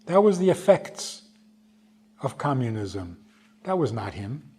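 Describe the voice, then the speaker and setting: A rabbi giving a storytelling lecture at a slow, deliberate pace. His mid-pitched man's voice has a husky edge, and he draws out key words for emphasis. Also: very animated, dark tone.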